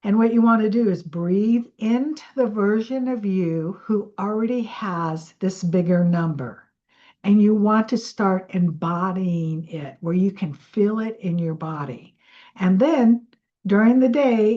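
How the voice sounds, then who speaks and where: Slow, mellow-voiced woman coach. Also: medium pitch, muffled recording. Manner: slow, soothing guidance with repeated affirmations. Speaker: manifestation coach. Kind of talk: guided breathing and affirmation exercise.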